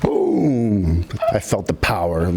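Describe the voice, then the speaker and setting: A middle-aged man, a filmmaker guest on a podcast, telling stories casually in an animated, profane way and acting out quotes. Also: low-pitched, slow, over a noisy crowd. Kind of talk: casual storytelling.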